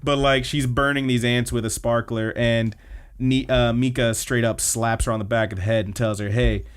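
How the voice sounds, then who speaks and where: A man's voice: medium pitch, fairly even intonation, moderate pace, clear, resonant tone. A man co-hosting a podcast, casually recapping anime episodes in a chatty way and acting out the characters' lines. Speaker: podcast co-host.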